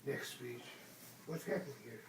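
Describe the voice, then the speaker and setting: Grandpa reading a bedtime story at home, slow and gentle, echoey room, mic a bit far. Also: male voice, mid-range voice, noisy background. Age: older. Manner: gentle, asks the child questions.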